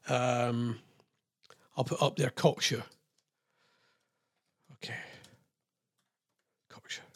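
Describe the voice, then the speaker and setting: Chatty radio host, slightly husky, dry close mic. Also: male voice, a little high, fairly bright tone, no echo. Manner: rambling, self-deprecating asides. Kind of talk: casual radio chat.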